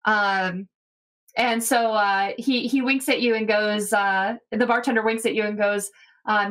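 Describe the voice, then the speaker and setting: A woman's voice: mid-range voice, fairly even intonation, measured pace, a bit bright. A woman narrating a tabletop game as game master in an easygoing way. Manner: easygoing, many fillers.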